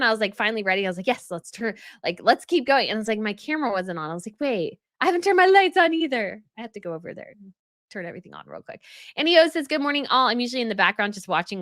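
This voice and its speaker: A young woman chats her way through viewer comments on a home livestream, reacting to each one as she goes. Her voice sits fairly high and swings up and down with animated energy. The sound is dry and close, with no room echo. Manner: chatty, reads viewer comments aloud and reacts. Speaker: royal news livestream host. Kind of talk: casual livestream chat reading comments. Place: home setup.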